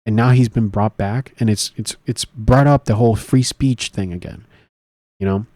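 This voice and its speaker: Rambling man with a low dark voice. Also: normal speed, dry recording. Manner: rambling, many fillers and restarts. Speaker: political commentary host. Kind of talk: casual solo commentary.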